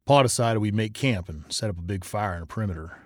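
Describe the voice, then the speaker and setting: Man playing a panicked frontier boy, rural Old West drawl, high frantic voice, dry close sound. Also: fast talker, dry recording, close to an everyday voice. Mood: shaken, rambling.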